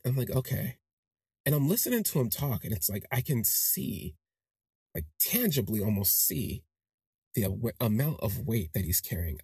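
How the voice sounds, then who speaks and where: A man hosting a podcast, telling a personal story in a casual monologue and acting out the people in it with big jumps in pitch. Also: normal speed, slightly rough, no room sound, clean studio sound. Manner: animated, acts out quoted voices with big pitch jumps. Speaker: podcast host.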